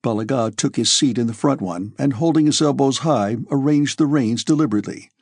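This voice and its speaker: A man narrating a classic novel as an audiobook in a measured, even reading. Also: mid-range voice, husky, no echo, clean studio sound.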